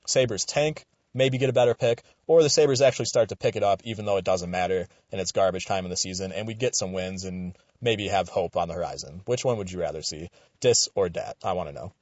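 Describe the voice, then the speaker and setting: Lowish casual man ranting about sports. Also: fast talker, hardly any pauses, no echo, highs cut off. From Western New York. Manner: animated, swears freely, rambling and chatty. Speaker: radio show commentator. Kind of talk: casual opinion commentary.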